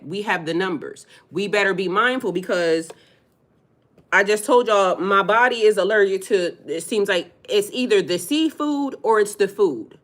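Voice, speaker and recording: A woman vlogger talks casually and bluntly to her viewers, swearing freely and calling them y'all. Her voice sits at a middling pitch. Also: a bit bright. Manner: blunt, conversational, profane, addresses viewers as y'all. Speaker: spiritual life coach and channel host. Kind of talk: casual vlog commentary.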